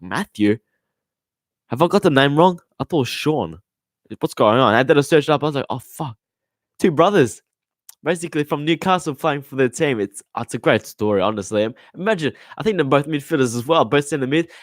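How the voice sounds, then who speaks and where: A young man hosting a casual football live stream, excitable and rambling, swearing often and restarting his sentences. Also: medium pitch, no room sound, clean studio sound. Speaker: football podcast host.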